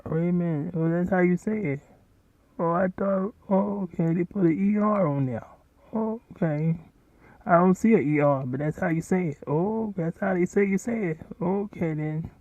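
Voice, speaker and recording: A man's voice: high-pitched, moderate pace, no echo. Man, casual rambling commentary, repeats himself, dry dull lo-fi sound. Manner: rambling, talks back at the video, repeats himself. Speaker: host. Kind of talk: casual commentary over a played video. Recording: dull, lo-fi home recording.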